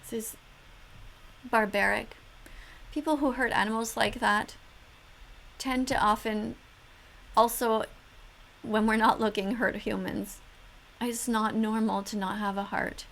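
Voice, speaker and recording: A woman's voice: on the high side, steady tone, unhurried, creaky, long pauses, fairly bright tone, slight background noise. A woman commenting on videos in an earnest, emotional way, close to tears. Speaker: vegan activist vlogger.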